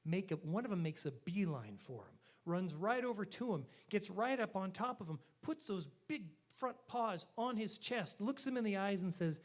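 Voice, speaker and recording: A man's voice: high voice, moderate pace, few pauses. A man telling a long, folksy joke live on stage at a church concert. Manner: animated, folksy storyteller.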